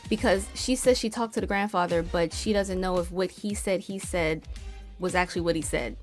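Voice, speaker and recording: A woman's voice: on the low side, normal speed, faint music behind. A woman hosting a storytime, casually retelling a story and acting out the quotes, with lots of "like". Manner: chatty, retells stories acting out quotes with frequent "like". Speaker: storytime host.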